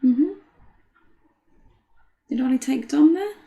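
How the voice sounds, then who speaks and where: A woman's voice: high-pitched, animated, takes it slowly, creaky, warm tone. A woman, co-commentating a card game in casual chat and laughing often at herself. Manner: laughs often, self-deprecating.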